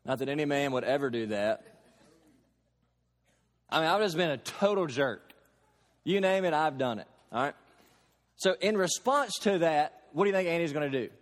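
A man from Kentucky delivering a sermon with slow, stressed phrases and plain homely examples. His voice sits fairly high for a man. The reverb of a long hall trails after each line. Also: lively intonation. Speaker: pastor.

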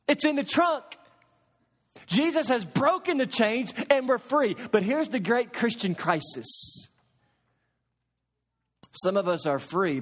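A middle-aged man preaching a sermon as pastor, swinging between loud emphasis and hushed, quiet asides. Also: a little high.

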